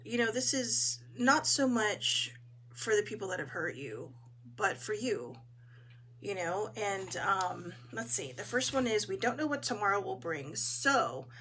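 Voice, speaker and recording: A woman hosting a casual live talk, her voice hoarse as she chats in an encouraging way and greets viewers. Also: medium pitch, sharp tone, slight background noise. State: hoarse, clearing her throat. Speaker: host.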